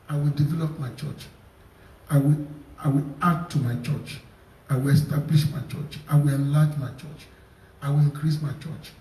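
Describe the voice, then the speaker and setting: Nigerian man, pastor sermon, gravelly voice, emphatic repeating phrases, distant mic, echoey hall. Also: a little high, dark tone. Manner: repetitive emphatic cadence with frequent fillers.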